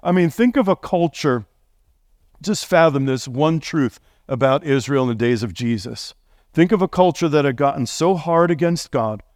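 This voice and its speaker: Animated middle-aged male pastor preaching. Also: fairly high pitch, dry recording, clean studio sound. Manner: conversational, animated preaching with rhetorical questions. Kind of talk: sermon. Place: church sanctuary.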